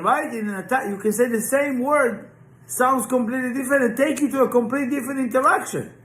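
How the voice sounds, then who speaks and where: Man, very high voice, spiritual teacher, informal class, emphatic rhetorical questions, echoey room. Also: animated, fast, a bit bright. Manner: emphatic, full of rhetorical questions and "right?" check-ins. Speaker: Kabbalah teacher. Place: class room, live and online.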